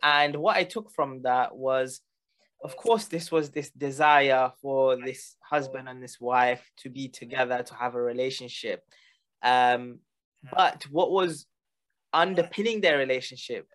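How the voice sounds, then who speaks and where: A man hosts a religious talk show in an easygoing way. His voice sits in the middle range. He pauses on fillers as he gathers his thoughts. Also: medium pitch. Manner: relaxed, hesitant with fillers. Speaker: host. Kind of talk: casual talk show hosting.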